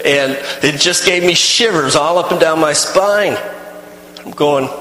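A man spins a first-person tale in a folksy, rambling way, often restarting his phrases. His voice is bright and slightly high. The sound rings in a large, echoey hall over a faint hum. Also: measured pace. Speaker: storyteller. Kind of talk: first-person character storytelling.

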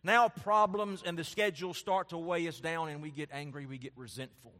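A man preaching a sermon as a pastor, building his points in rising, emphatic lists and then dropping his voice to soft, quiet asides. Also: on the high side, steady tone, brisk, big-room sound.

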